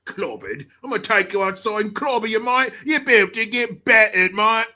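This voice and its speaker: A man's voice: high voice, expressive, takes it slowly, fairly bright tone, heavily acted. A man putting on an exaggerated mock British Cockney accent, playing a rowdy geezer. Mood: threatening.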